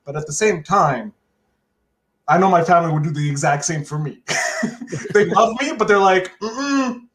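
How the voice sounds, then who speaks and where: A man's voice: on the high side, brisk. A man, a podcast guest who jokes and laughs at himself. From Canada. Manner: jokey and animated, laughs at himself. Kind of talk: casual joking chat. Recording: echoey room.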